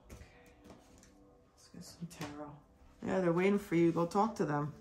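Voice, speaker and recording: A tarot reader talking straight to the viewer in an earnest, reassuring way. The speech is loose and casual, circling back with repeated asides. The voice sits at a middle pitch. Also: a little slow, over loud music. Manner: loose and repetitive, with many asides.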